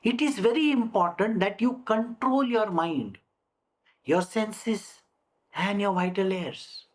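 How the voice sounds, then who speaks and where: A woman explaining a scripture in a deliberate way, repeating her phrases and acting out examples. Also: medium pitch, lively intonation. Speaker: spiritual teacher.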